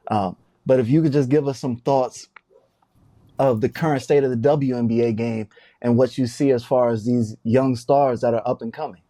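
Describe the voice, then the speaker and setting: A man co-hosting a podcast, asking an interview question in a measured, gently sympathetic way. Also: medium pitch, steady tone, dry recording.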